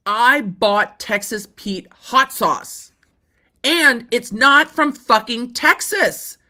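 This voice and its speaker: A woman acting out an indignant man ranting to his lawyer, slow emphatic outraged delivery, swearing, bright forceful tone, lifting a little in pitch. He sounds fed up and insistent.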